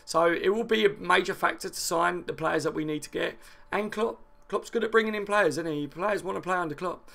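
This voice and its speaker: A man hosting a football fan channel, chatting fast and excitedly and answering viewer comments with frequent laughs. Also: high-pitched, vocal fry. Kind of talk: live fan chat reacting to viewer comments.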